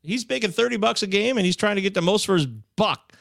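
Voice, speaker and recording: A man's voice: sits high, expressive, fast, gravelly, a bit bright, no room sound. A young man co-hosting a casual chat, telling profane stories with acted quotes. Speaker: podcast co-host.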